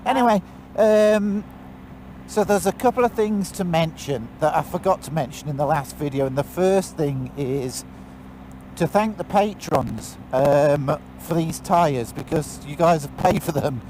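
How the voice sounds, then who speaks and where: A man's voice: on the high side, a little slow, darkish tone, a little hiss or hum, rough recording. A man with a British accent chatting casually while riding a motorbike, rambling with many ums. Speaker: motorcycle vlogger. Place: on a motorbike outdoors.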